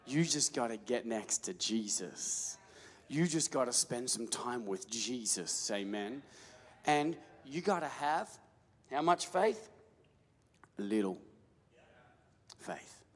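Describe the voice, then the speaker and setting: A male pastor preaching a sermon, building to shouts and calling on the crowd to answer back. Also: mid-range voice, animated, takes it slowly, long pauses. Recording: long hall reverb.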